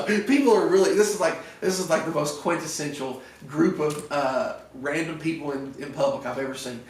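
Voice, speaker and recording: Southern preacher guy, kinda high voice, talks loose and lively in a big echoey church, mic way off. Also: brisk, hardly any pauses, distant mic, a little hiss or hum. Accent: Southern American. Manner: animated, retells scripture with voices, frequent restarts. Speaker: pastor. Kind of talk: conversational sermon. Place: church sanctuary.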